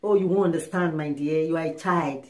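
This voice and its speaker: A woman's voice: sits low, fairly quick, voice pushed down, lightly acted. A woman putting on a cooing, doting wife. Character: contented doting wife and mother, sweet-talking. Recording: roomy echo.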